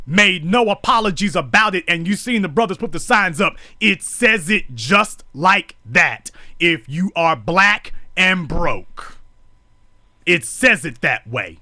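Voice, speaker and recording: Streaming live, a man with a high, bright, expressive voice gives a fiery monologue, speaking slowly. His pitch swings widely as he hammers every point home through repetitive, preachy build-ups. The sound is close and dry with no room sound.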